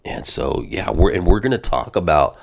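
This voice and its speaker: A man's voice: low-pitched, big pitch swings, moderate pace, gravelly. A man hosting a devotional podcast as a pastor, talking casually and energetically, often saying "man" and "bro".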